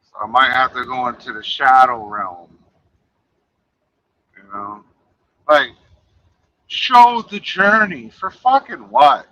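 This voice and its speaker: Bright-voiced man mumbling along. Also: mid-range voice, lively intonation, takes it slowly, long pauses, muffled recording. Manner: mumbling, trailing off, profane. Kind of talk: casual podcast chat.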